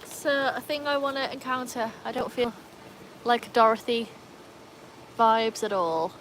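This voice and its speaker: A woman's voice: on the high side, fairly even intonation, unhurried, a bit bright, a little hiss or hum, poor audio. A woman with an English accent tinged with Welsh, chatting casually on a livestream and answering viewer comments from her backyard. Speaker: livestream host.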